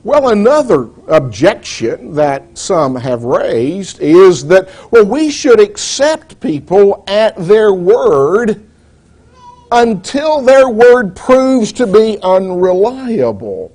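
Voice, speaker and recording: A man preaching a sermon in a measured, deliberate way, posing rhetorical questions to the congregation. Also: high-pitched, very animated, a little mellow.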